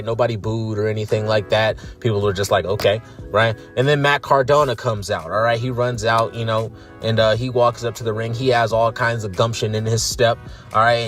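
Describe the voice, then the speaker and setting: A man's voice: on the low side, a bit bright. A man streaming a casual wrestling recap, blunt and profane, tagging his sentences with "all right?".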